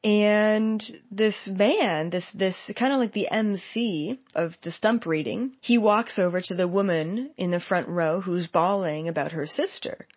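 A psychic medium, a woman, tells a story in a casual way and acts out the quoted lines with lively energy. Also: mid-range voice, unhurried, few pauses, husky, no room sound. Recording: dull, dry lo-fi recording.

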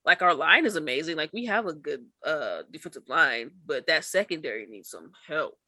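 A woman's voice: low-pitched, lively intonation, moderate pace, pushed and bright, dry recording. A woman co-hosting a podcast, chatting casually about sports, laughing often and doubting her own picks. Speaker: podcast co-host.

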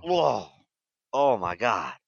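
A man's voice: medium pitch, big pitch swings, slow, vocal fry, dry recording, lo-fi sound. A man co-hosting a comedy podcast, delivering mock-pleading, exasperated rants. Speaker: podcast co-host.

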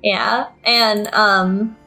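A woman's voice: medium pitch, steady tone, drawn-out words, sharp tone, faint music behind. A woman casually recapping a visual novel's plot in rambling, giggly chat full of fillers.

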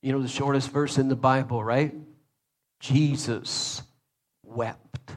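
A male preacher giving an earnest, emphatic sermon, often repeating himself and pausing on fillers. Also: mid-range voice, flat delivery.

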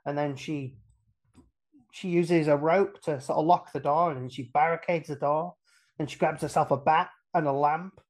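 A man on a casual podcast, retelling a film's plot with lively energy, acting out the characters' lines and laughing often. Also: a little high, normal speed. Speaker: podcast guest retelling a film.

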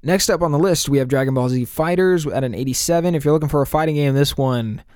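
A man co-hosts a podcast about video games, chatting casually and enthusiastically, rambling and laughing often. His voice is on the high side, clear, resonant, and a little mellow, at a quick pace, with clean studio sound and no room sound.

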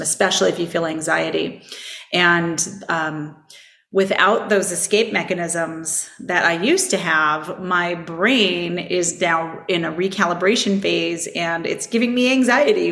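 A woman hosting a self-help podcast, speaking in a gentle, reflective and soothing way. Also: fairly low pitch, creaky, echoey room. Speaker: podcast host and coach. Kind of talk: personal self-help talk.

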